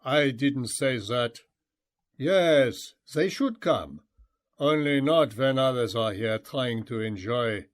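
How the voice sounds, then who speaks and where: A man's voice: mid-range voice, expressive, slow pace. A man voicing an indignant middle-aged male German tourist who speaks in a stiff, stilted way with a German accent. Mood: stubborn.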